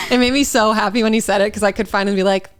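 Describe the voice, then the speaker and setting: A woman's voice: on the high side, fairly bright tone, no echo, studio quality. A young woman from Massachusetts co-hosting a podcast, telling gossipy stories in casual chat with lots of "like". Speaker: podcast co-host.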